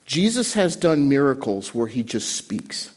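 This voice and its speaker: A man preaching a sermon from a church stage, animated, with dramatic pauses and quiet emotional drops. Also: medium pitch. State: choked up. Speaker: pastor.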